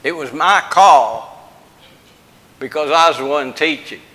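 A man's voice: a little high, measured pace, bright, forceful tone, big-room sound, low-quality recording. An older man preaching a folksy, plain-spoken sermon, joking with the congregation.

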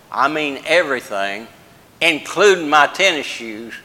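A man's voice: medium pitch, unhurried, pauses often, sharp tone, big-room sound, low-quality recording. An older man preaching a folksy, plain-spoken sermon, joking with the congregation.

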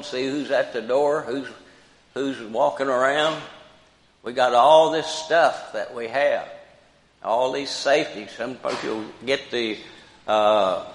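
An older man preaching in a slow, deliberate cadence, pausing and repeating phrases for emphasis. His voice rings out in a roomy space with a long trailing reverb. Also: medium pitch. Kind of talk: sermon.

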